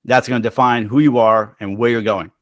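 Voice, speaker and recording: A man's voice: medium pitch, steady tone, brisk, dry recording, muffled recording. A man hosting a podcast, reflecting and offering sayings to sum up the talk. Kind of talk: casual conversational podcast talk.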